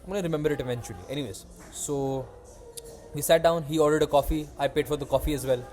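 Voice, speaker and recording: Animated young man telling a story. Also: on the high side, fast talker. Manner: animated, acts out quoted voices. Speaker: podcast host telling a story. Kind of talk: casual storytelling chat.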